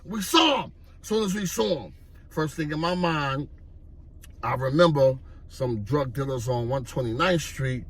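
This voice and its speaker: A man from Harlem, telling street stories in an animated way and acting out the voices. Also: mid-range voice, a little slow. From Harlem, New York. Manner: animated, acts out voices, repeats "you know what I mean". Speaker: storyteller. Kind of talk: street storytelling vlog.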